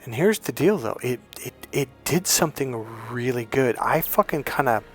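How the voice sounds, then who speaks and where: A man's voice: medium pitch, lively intonation, moderate pace, soft background music. A man telling a personal story as a dating coach, in a blunt, profane, emphatic way. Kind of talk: casual storytelling monologue.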